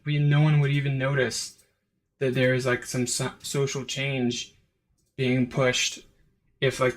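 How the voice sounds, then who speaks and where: Hosting his own review channel, a man delivers a casual, unscripted monologue that rambles along, packed with "like" and "um." His voice is mid-range and a bit bright.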